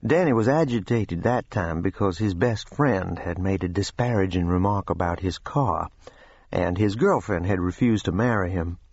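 A man voicing a calm, controlled gentleman who tells stories with dry amusement. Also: low voice, normal speed, breathy edge, dry recording, lo-fi sound. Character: calm, genteel older Southern gentleman storyteller.

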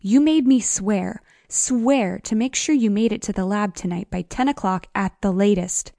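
A woman's voice: mid-range voice, normal speed, gravelly, mellow, no room sound, clean studio sound, close to an everyday voice. A woman voicing a bossy, determined young woman friend in an audiobook, insistent and commanding.

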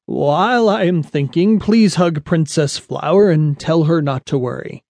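A deep-voiced, wise old stallion, as a man puts him on. He leads his stable with gentle authority and speaks calmly and reassuringly. The recording is close and dry. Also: measured pace, no room sound. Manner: calm, reassuring.

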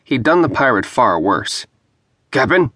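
A man narrating a fantasy novel in a measured, even storytelling manner on a close studio mic. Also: fairly low pitch, dry recording. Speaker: audiobook narrator. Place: dry recording booth.

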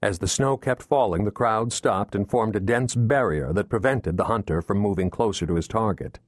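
A man reading a thriller audiobook in steady, measured scripted narration, recorded on a close studio mic. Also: lowish voice, dry recording. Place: recording booth.

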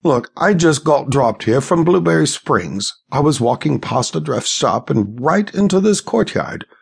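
A man's voice: fairly high pitch, sing-song, unhurried, vocal fry, slightly rough, pitched above the performer's own voice, full character voice. A man voicing a tall, non-human male trickster with a British accent and a pleading, whiny way of talking. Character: tall male fae trickster, wicked humor.

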